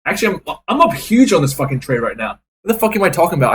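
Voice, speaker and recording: A man's voice: fairly high pitch, big pitch swings, fast, hardly any pauses, a little hiss or hum. A young man giving live, profanity-laden commentary on his day trades, frustrated and ranting.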